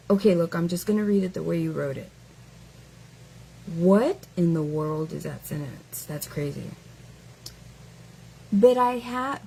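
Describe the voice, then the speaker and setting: A woman's voice: lowish voice, gravelly, mellow, slight background noise, rough recording. A woman hosting a casual live stream who mocks her target with taunting rhetorical questions, stretching out words as she goes.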